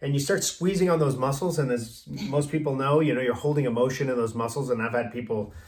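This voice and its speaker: A man's voice: medium pitch, fast talker. Man, personal trainer, podcast co-host, easygoing, explanatory, casual. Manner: easygoing, explanatory, drifts into acted-out dialogue.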